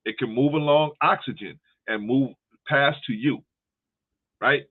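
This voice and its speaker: A man's voice: mid-range voice, unhurried. A man hosting a casual discussion, explaining his points at length with everyday analogies and frequent restarts. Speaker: host. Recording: tinny phone line.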